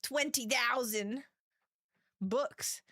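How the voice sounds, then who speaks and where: A giggly woman streamer chats with her viewers and reads their messages aloud. Her voice is bright and fairly high. The sound is dry and close. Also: extremely slow, dry recording. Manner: giggly and chatty, laughs often. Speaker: livestreamer. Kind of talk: casual chat with a live audience.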